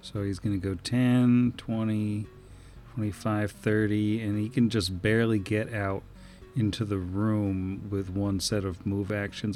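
A game master running a tabletop session reads monster stats aloud, plainly listing defenses and abilities with plenty of filler words. His voice is fairly low and slightly mellow.

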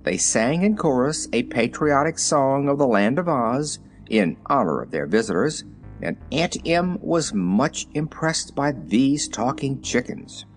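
A man narrating a children's storybook in an expressive, measured reading. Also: mid-range voice, faint music behind. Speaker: audiobook narrator.

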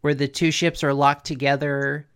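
Co-host, casual episode recap, gravelly low-end fry, loose and chatty. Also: moderate pace. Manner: relaxed recapping with frequent "like" and "basically". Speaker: podcast co-host.

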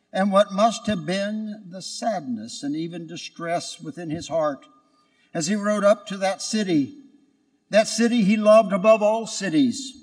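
Slow, high-voiced priest in a reverberant church. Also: male voice. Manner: earnest, storytelling. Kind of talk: sermon with a told story. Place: church at Sunday Mass.

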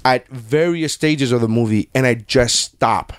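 A man co-hosting a casual chat, animated and swearing freely, stumbling over restarts. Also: mid-range voice, unhurried, clean tone. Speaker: podcast co-host.

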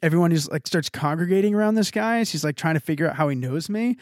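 A podcast co-host with a slightly raised voice who talks in loose, meandering bursts full of filler words. His takes are relaxed, friendly banter. The sound is dry and close to the mic. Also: on the high side, quick pace, no echo. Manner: rambling, filler-heavy storytelling with lots of "like". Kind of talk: casual chat.

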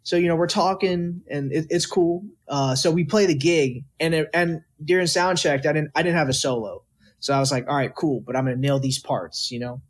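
Young guy from texas, chatty, slightly high voice, acts out every line people said. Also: a little fast. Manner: animated, quotes people in lively voices. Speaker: guest musician. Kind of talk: casual storytelling interview.

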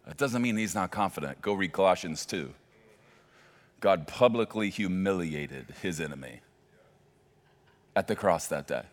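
A man's voice: deep voice, expressive, a little slow, pauses often. A male pastor preaching a sermon with emphatic delivery and joking asides.

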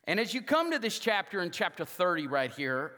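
A man preaches from the pulpit with a high, bright voice that rings through a large reverberant sanctuary. He rallies the congregation with loud exhortations, then drops to a near-hush for personal appeals. The long tail of the room hangs after each phrase. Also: sing-song, fairly quick. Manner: rousing preacher, swings from loud exhortation to hushed intimacy. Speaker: pastor. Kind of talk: sermon. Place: church sanctuary.

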